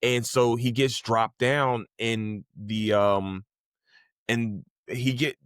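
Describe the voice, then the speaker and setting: A man's voice: medium pitch, fairly even intonation, slow, fairly bright tone, clear, resonant tone. A man hosting a casual solo podcast, talking in a rambling, profane and enthusiastic way. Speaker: podcast host.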